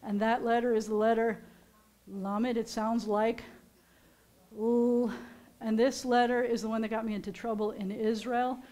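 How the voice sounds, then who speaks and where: A woman's voice: fairly high pitch, flat delivery, unhurried. Chatty American woman rabbi. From United States. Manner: chatty, teacherly, gently joking. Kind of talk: casual sermon talk to a congregation. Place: synagogue sanctuary during a service.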